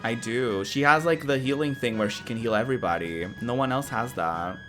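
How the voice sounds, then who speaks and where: A woman in her twenties commenting casually on a retro game while streaming, with profane, excitable reactions. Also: extremely low pitch, brisk. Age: 20s. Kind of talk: live gameplay commentary. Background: game music.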